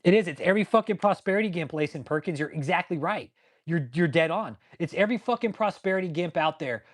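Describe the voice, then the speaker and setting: A man hosting his own channel, ranting angrily and swearing nonstop, pausing to answer viewers in the live chat. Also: a little high, lively intonation. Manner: angry, swears constantly. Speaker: channel host. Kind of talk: profane ranting commentary with live chat replies.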